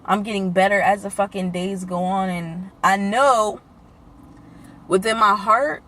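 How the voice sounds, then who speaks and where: A woman's voice: medium pitch, steady tone, a little slow, a bit bright. Tearful, candid woman vlogger. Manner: candid, swears often, emotional. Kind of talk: casual emotional vlog talk.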